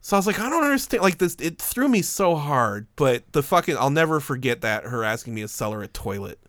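A man's voice: medium pitch, lively intonation, brisk, fairly bright tone, no echo, clean studio sound. A man casually telling a story to a friend, swearing often and laughing as he goes.

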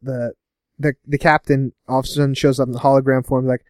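A man casually recapping a TV episode with a co-host, laughing often and putting on quick voices for the characters. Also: medium pitch, flat delivery, dry recording, clean studio sound. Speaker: podcast co-host.

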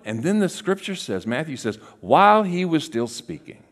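A man preaching a sermon as a guest speaker, acting out voices in his stories and dropping to a hush for key lines. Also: on the high side, moderate pace, few pauses. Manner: animated, acts out voices in quotes, drops to a hush for key lines.

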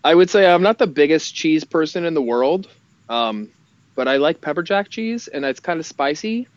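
A man on a casual podcast, talking in an easygoing, relaxed way. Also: fairly high pitch, moderate pace, no room sound, highs cut off.

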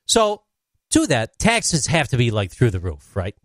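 A man's voice: mid-range voice, wildly swooping pitch, a little slow, fairly bright tone, no echo, clean studio sound. A man hosting a podcast, playful and teasing in casual chat. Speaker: podcast host.

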